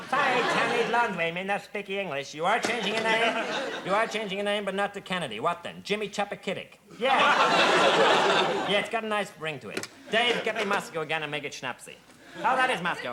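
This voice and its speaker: Brash man barking into phones. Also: sits high. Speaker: newspaper editor in a comedy sketch. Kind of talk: fast sketch comedy on phones. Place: TV studio with live audience. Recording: studio audience laughing, noisy 1970s TV audio.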